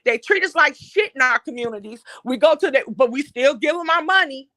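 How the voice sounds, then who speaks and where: A woman's voice: high voice, expressive, a little fast, pushed and bright, no room sound. A woman hosts an impassioned monologue. She talks bluntly and heatedly and swears often. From Detroit, USA. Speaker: online talk show host.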